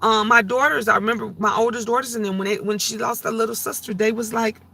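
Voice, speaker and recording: A woman's voice: fairly high pitch, steady tone, quick pace, gravelly, bright, forceful tone, breathy edge. A middle-aged woman talking on her vlog livestream in a heartfelt, emotional and repetitive way. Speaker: vlogger. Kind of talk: casual livestream talk.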